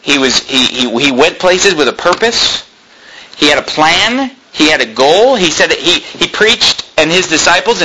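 High, bright-voiced fervent preacher man. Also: a little hiss or hum, poor audio. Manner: intense preaching, rising to shouts when quoting, with stammered restarts. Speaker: pastor. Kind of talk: fervent sermon.

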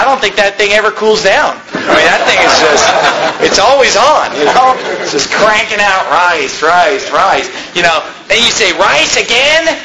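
A man's voice: high-pitched, heavy background noise. A man preaching a sermon to a church congregation, chatty and joking as he goes. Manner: conversational preaching with humorous asides and chuckles. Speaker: pastor. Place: church hall.

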